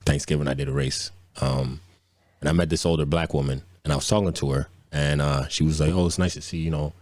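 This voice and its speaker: A man with a very deep, low voice talks fast and freely as a podcast co-host. His stories run loose and profane in a casual back-and-forth. The sound is dry and close. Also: steady tone, darkish tone, no echo. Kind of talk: casual chat.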